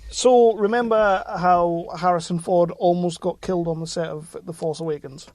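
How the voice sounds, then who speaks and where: A man's voice: sits high, fairly even intonation, moderate pace, a little mellow, no echo. A man co-hosting a podcast in casual chat, reading out news, swearing freely and laughing easily. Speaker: podcast co-host.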